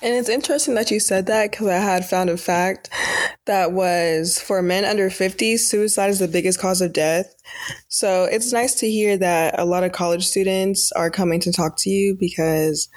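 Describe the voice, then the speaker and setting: A woman's voice: medium pitch, normal speed. A woman co-hosting a podcast with her father, chatting casually and filling her talk with "like" and "whatever". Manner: casual, relaxed, with many "like"s and "whatever"s. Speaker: podcast co-host, daughter of the other host.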